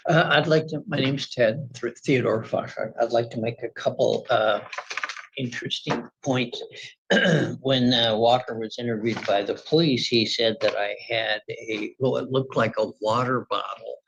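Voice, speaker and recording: A man testifying at a court hearing, telling his side with lively acted-out quotes of shouting. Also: mid-range voice, normal speed, creaky, highs cut off, a little hiss or hum. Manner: animated, acts out quoted shouting.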